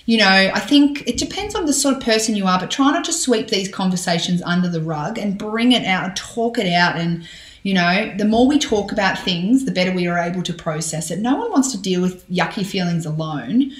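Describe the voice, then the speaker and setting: A woman in her thirties, a parenting podcaster, giving advice in an animated, chatty conversational interview full of fillers and restarts. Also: mid-range voice, a little fast. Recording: roomy echo.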